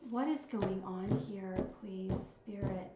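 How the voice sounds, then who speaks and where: A woman's voice: medium pitch, slow pace, heavy background noise. A woman giving a tarot reading, counting out cards and musing aloud as she reads their messages with feeling. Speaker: tarot reader. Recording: slightly dull, roomy sound with soft music. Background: soft background music.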